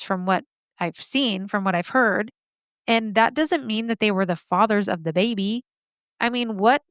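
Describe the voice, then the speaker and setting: A woman's voice: medium pitch, fairly bright tone, clean tone, no room sound. A woman hosting a true-crime podcast, retelling a case in a casual, chatty way with sarcastic asides. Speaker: podcast host.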